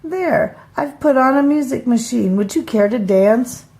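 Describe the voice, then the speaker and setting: A grandma playing a grand showy city mouse. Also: female voice, a little high, lively intonation, a little slow, mellow. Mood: breezy. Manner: grand, airy. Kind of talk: storybook read-aloud.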